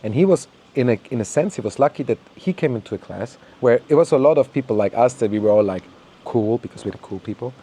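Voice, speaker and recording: Warm-voiced man on a heated rant. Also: mid-range voice, expressive, fast talker, breathy edge. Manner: heated, ranting, swears, repeats words, mocks others in quoted voices. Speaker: podcast host. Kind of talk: opinionated monologue.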